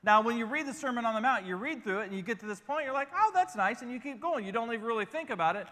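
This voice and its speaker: A male pastor giving an animated, conversational sermon that speaks straight to his listeners, with asides. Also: extremely high pitch, very fast, in a large hall.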